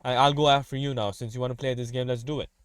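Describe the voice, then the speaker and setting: A man's voice: medium pitch, fairly even intonation, fast, smooth, no echo, studio quality. A man hosting a music reaction, casually breaking down lyrics in loose, run-on asides.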